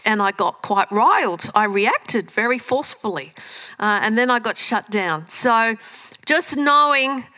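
Aussie woman giving a talk, brightish fairly high voice, animated, lots of ums. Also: a little slow, poor audio. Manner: lively, animated, with frequent fillers and restarts. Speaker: speaker teaching communication skills. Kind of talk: live talk to an audience.

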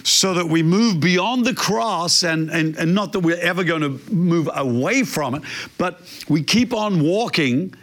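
A man preaching a sermon, telling a story in a lively, animated way. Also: sits high, a little slow. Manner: animated storyteller, imitates barking dog. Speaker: pastor.

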